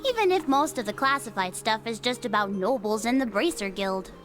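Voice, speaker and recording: A woman voicing an energetic, playful teenage girl in a video game, with a teasing, bubbly way of talking. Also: on the high side, brisk, faint music behind. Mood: cheerful.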